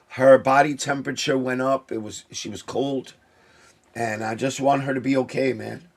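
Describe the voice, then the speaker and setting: A man, a sneaker vlogger talking to camera in an emotional, heartfelt way that circles back and repeats itself. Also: mid-range voice. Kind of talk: casual talk to camera.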